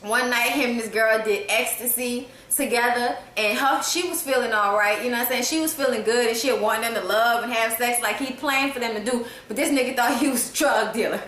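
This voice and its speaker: A woman retelling a comedy film in an animated, profane way, breaking into laughter as she goes. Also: on the high side, brisk, few pauses. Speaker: movie reviewer. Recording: echoey room.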